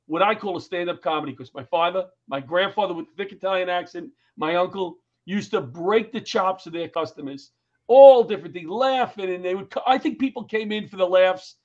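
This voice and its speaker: A man's voice: sits high, a little fast. A middle-aged man, a comedian and firefighter who tells anecdotes in an interview and acts out the people in them. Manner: animated, acts out the voices in his anecdotes. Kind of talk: storytelling in an interview. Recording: dull lo-fi recording.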